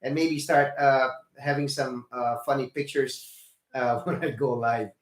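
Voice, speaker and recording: A man's voice: mid-range voice, steady tone, unhurried. An older man, a nurse from the Philippines, giving a rambling casual video update full of fillers and blunt swearing. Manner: rambling, many fillers and restarts. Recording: echoey room.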